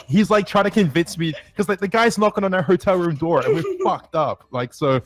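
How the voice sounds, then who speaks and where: A man's voice: high voice, lively intonation, a little fast, dry recording. A young man in casual chat, bluntly correcting a friend's story. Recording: crowd noise behind.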